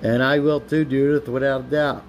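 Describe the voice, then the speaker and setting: A man's voice: mid-range voice, little pitch movement, normal speed. A casual man hosts a live stream from home, reading viewer comments aloud and answering them by name. His voice sits in a middle range and he laughs easily. A faint hiss of background noise runs under the recording. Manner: chatty, laughs often, talks to viewers by name.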